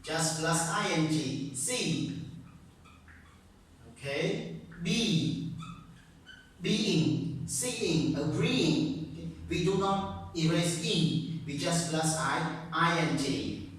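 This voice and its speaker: A male English teacher giving a grammar lesson, speaking slowly and repeating points, checking "okay?" often, with non-native grammar. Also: a little high, animated. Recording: very echoey room, distant mic.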